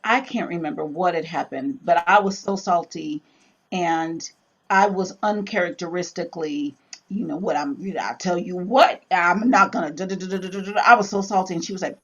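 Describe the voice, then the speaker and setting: A woman co-hosting a casual Bible study chat, telling lively stories and acting out quoted lines in different voices. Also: on the low side, moderate pace, husky, highs cut off. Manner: animated storyteller, acts out quotes in voices.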